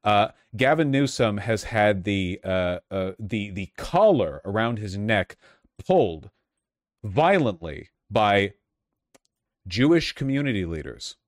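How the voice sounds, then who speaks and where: Male commentator, lowish voice, sarcastic and restless, dry close sound. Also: big pitch swings, slow, no echo. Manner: sarcastic, restless, many restarts. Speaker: political commentator. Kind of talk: casual commentary, reading articles aloud.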